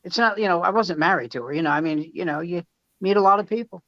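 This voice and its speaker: A man's voice: high-pitched, fast talker, a bit bright, no room sound. Middle-aged man telling salty stand-up stories. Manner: rambling, profane anecdotes with restarts. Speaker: stand-up comedian. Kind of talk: casual storytelling chat. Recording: slightly muffled dry recording.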